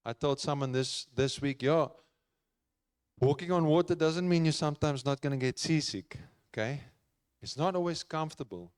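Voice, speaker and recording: A man's voice: a little high, moderate pace, smooth, dry recording, clean studio sound. A man preaching a sermon in an earnest, conversational way, repeating key phrases for emphasis. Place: church.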